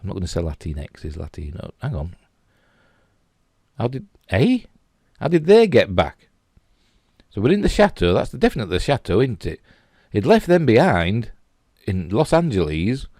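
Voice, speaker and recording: A man's voice: lowish voice, sing-song, moderate pace, a little mellow, no room sound, studio quality. A middle-aged man with a Yorkshire accent, rambling casually and chuckling as he comments on pictures. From England. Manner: chatty, rambling, chuckling asides. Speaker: host.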